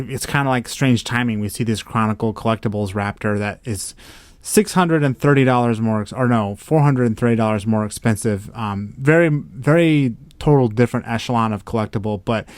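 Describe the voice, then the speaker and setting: A man's voice: mid-range voice, a little fast, dry recording. A man co-hosting a collectors' podcast, chatting casually and easily with frequent fillers. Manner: easygoing, chatty, many fillers. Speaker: podcast co-host. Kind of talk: casual chat.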